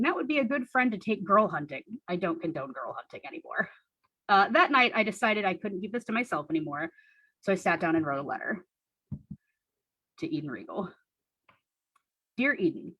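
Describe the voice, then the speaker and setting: Husky woman reading her teen diary aloud. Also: fairly low pitch, fairly bright tone, no room sound, rough recording. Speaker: storyteller reading her teenage diary on stage. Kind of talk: comic reading of childhood diary.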